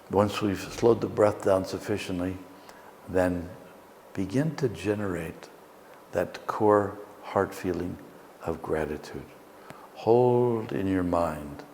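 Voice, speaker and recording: A man with a very low voice leads a guided meditation, slow and soothing. His words trail into a long reverb, with a faint ambient hum behind him. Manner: slow, gentle, soothing guidance. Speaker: meditation teacher.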